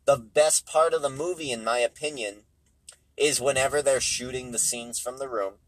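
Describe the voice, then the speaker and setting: A man's voice: medium pitch, steady tone, normal speed, no room sound, rough recording. A tired, hungry man hosting a casual solo podcast, offhand and dismissive, repeating himself, recorded in a car. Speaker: podcast host.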